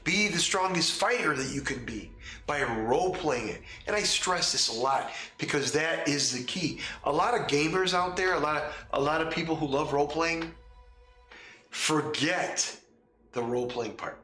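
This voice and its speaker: A man's voice: on the high side, animated, normal speed, sharp tone, roomy sound. A man hosting a casual talk show as a game master, speaking emphatically and repeating points through rhetorical questions. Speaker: podcast host and game master.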